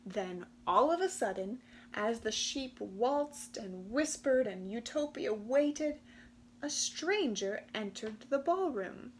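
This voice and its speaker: Female storybook reader, higher voice, unhurried, animated delivery. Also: a little hiss or hum. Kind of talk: children's picture book read-aloud.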